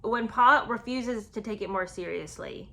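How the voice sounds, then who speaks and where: A woman talks through a book chapter in casual, sarcastic commentary. Her pitch sits in the middle range, and her speech is loose and chatty, full of fillers and restarts. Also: normal speed, gravelly, pushed and bright.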